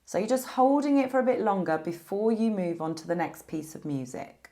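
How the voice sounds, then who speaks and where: A woman teaching a beginner piano lesson, explaining musical symbols patiently and clearly. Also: medium pitch, lively intonation, a little fast, warm tone.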